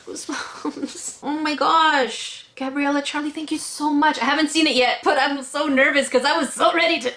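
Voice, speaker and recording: A woman hosting a craft video, chatting casually and excitedly as she unboxes, then delivering a salty product review from her home craft room. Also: a little high, a little hiss or hum. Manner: gushing, excitable, gasps and laughs. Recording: echoey room.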